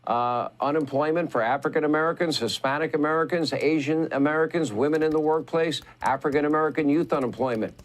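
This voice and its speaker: A man's voice: fairly high pitch, quick pace, few pauses. A man hosting political commentary, reading a scripted segment with emphatic, repetitive phrasing. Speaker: commentary host.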